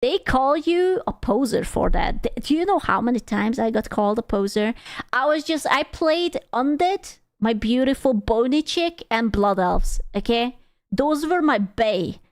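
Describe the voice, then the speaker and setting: A woman's voice: fairly high pitch, expressive, measured pace, no echo, clean studio sound. A woman streamer reacting to a video in casual, rambling chat, swearing freely and joking as she goes.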